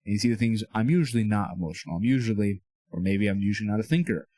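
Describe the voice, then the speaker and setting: A young man with a fairly low, dark voice races through a casual but earnest motivational talk on faith and self-improvement, speaking very fast with no echo. This Christian self-improvement speaker, in a small room with a whiteboard, keeps a coaching tone and repeatedly checks in with "okay?" and "all right?"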